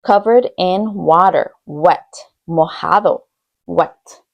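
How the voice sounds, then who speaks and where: A woman's voice: lowish voice, slow pace, muffled recording. A woman teaching young children, reading words aloud in English and Spanish and repeating each one with patient encouragement. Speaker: bilingual teacher. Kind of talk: slow bilingual classroom lesson for young children.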